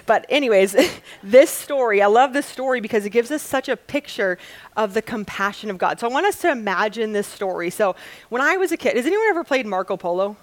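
A young woman from Wisconsin reading scripture and preaching a sermon, earnest and storytelling, slowing down to stress key lines. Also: fairly high pitch, expressive. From Wisconsin, USA. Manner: earnest, storytelling, slows for emphasis.

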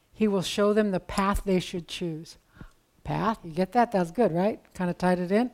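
A woman's voice: medium pitch, darkish tone. A woman preaching a sermon in a conversational, storytelling way with casual asides.

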